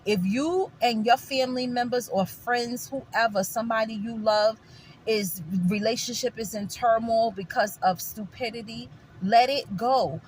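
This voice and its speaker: A woman's voice: fairly high pitch, a little slow, slight background noise. A woman from New York with a New York accent, talking to her viewers in an opinionated casual chat, emphatic and repetitive, calling them guys. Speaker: vlogger.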